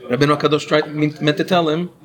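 His voice is on the high side and level in tone, and he moves at a quick pace. He's a Torah teacher running a classroom lecture about Hebrew pronunciation, asking students questions while he explains.

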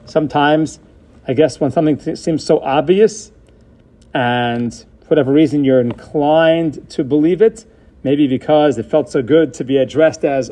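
High-voiced man teaching a Bible passage. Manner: animated, stresses key words slowly, mixes Hebrew terms. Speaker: Torah teacher. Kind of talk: text-based Bible lesson.

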